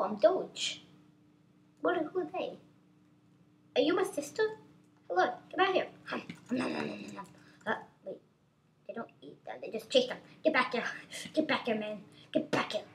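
Excitable, high, lively woman gamer. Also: normal speed, pauses often, a little hiss or hum. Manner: excitable, constantly exclaiming. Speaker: gaming channel host. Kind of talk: live gameplay commentary.

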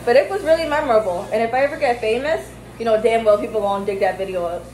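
Young woman vlogger, twenties, blunt and profane, slightly high voice. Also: expressive, fast talker, a little mellow. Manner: profane, slangy and candid. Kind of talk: casual vlog chat.

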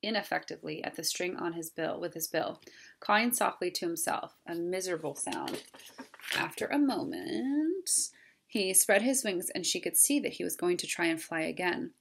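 A woman reading a children's novel aloud in a calm, steady storytelling way. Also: fairly low pitch, normal speed, creaky, slightly rough. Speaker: storybook reader.

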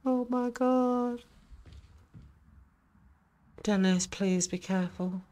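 A woman's voice: mid-range voice, drawn-out words, mellow. A woman reacting to a ghost hunt video, jittery, exclaiming and swearing, rambling when nervous.

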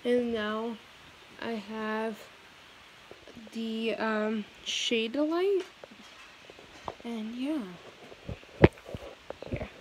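A woman's voice: a little high, very slow, long pauses. A young woman in her teens chatting casually in a vlog at home, rambling with many fillers and restarts. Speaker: vlogger. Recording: noisy home recording.

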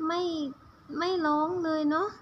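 A woman's voice: high voice, steady tone, rapid-fire, dull audio, a little hiss or hum. A mother cooing to her baby in a sing-song voice in a home video.

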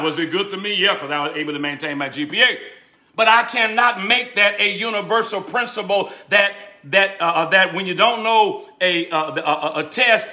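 An older man, a pastor teaching a Bible study in a folksy style, repeating words and laughing as he goes between emphatic preaching and quiet asides. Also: high voice. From Southern United States. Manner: rises into emphatic preaching, then drops to asides.

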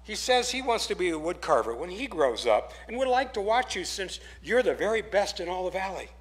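A man's voice: high-pitched, sing-song, brisk. A man voicing a polite young widow who earnestly asks for a favor, reading a story aloud. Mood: earnest pleading.

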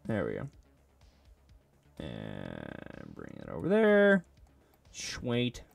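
Working on a 3D model, a man who makes sculpting videos talks casually to himself, wandering from thought to thought and joking. He speaks extremely slowly in an extremely low voice full of vocal fry, his pitch swooping wildly. The recording is dry, with faint music behind him.

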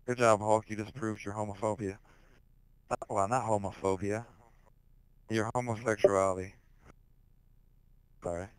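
A man's voice: on the low side, fairly even intonation, moderate pace, pauses often, clean tone, no echo, low-quality recording. Crude, foul-mouthed teenage boy on headset. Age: teens. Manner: crude, profane rambling with sudden shouted outbursts. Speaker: gamer in online voice chat. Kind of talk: casual voice chat.

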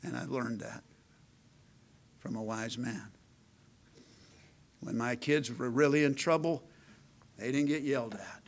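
A middle-aged man preaching a sermon, calling for amens and moving between loud emphatic delivery and a hushed near-whisper. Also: medium pitch, a little slow, pauses often, rough recording. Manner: calls out "amen" to the congregation. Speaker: pastor.

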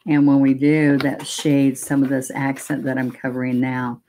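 A woman's voice: rumbling low, completely flat delivery, normal speed, warm tone, slight background noise. A woman demonstrating a painting technique live, explaining each step in a chatty, step-by-step way. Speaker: painting instructor.

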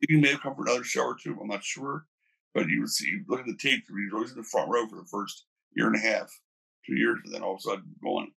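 An older man, a former wrestling promoter, telling animated stories in a casual interview, acting out the people he quotes. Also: on the low side, fast talker, creaky, breathy edge. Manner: animated storyteller, acts out quoted voices.

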